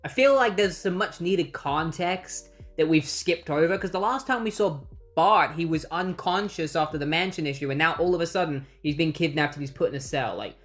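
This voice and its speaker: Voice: mid-range voice, moderate pace, hardly any pauses, a bit bright, faint music behind. A comic book reviewer giving a casual recap with snarky, wry asides.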